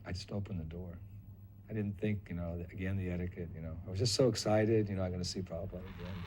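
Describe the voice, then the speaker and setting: An older man recounting a personal memory as a lively storyteller who acts out other people's lines. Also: low-pitched, fast talker, slight background noise. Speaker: devotee recalling memories.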